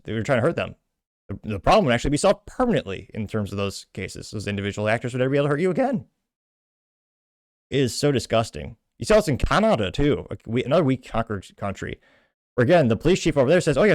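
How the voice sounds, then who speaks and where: A man's voice: mid-range voice, no echo, studio quality. A man from Texas, ranting through indignant political commentary as host.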